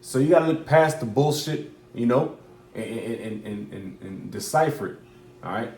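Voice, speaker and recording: A man's voice: mid-range voice, lively intonation, moderate pace, darkish tone, a little hiss or hum. A man giving casual preaching commentary in a loose, repetitive, profane street manner. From United States. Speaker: religious commentator. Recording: echoey room.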